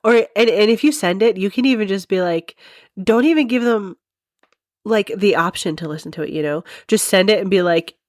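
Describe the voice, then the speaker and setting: Speaking a little fast with hardly any pauses, a podcast host in a medium-pitched, slightly mellow voice spins a rambling, casual story. She's giggly and keeps breaking into laughter mid-sentence, captured in clean studio sound with no echo.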